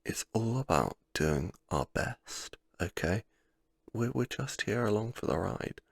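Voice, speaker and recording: A man rambling through a self-deprecating story in a soft, sleepy gameplay commentary, sometimes dropping to a near-whisper. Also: fairly low pitch, lively intonation, a little slow, gravelly, breathy edge, dry recording, clean studio sound. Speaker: gaming channel host.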